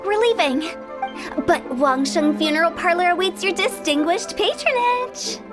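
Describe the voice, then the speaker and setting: A woman with an extremely high, animated voice speaks a little slowly as a playful, mischievous young funeral director delivering cheeky sales patter, with game music playing beneath her.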